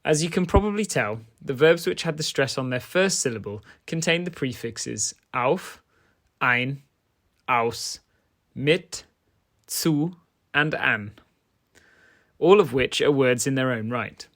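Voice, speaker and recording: Man teaching a measured grammar lesson. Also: mid-range voice, animated, fairly bright tone. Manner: clear and measured, switching between English and German. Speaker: German teacher.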